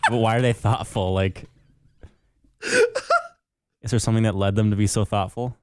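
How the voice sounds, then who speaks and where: A man's voice: lowish voice, steady tone, moderate pace, background noise. Man with a movie-trailer narrator voice. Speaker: podcast co-host. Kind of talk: casual chat and dramatic story narration.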